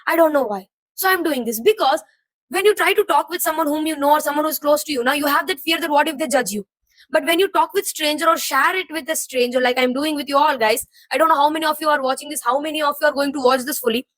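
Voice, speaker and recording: Talking fast in a high, fairly bright voice, a young vlogger unloads her confused thoughts on her viewers in a rambling, frustrated, emotionally heavy way. The recording is dry and the audio poor.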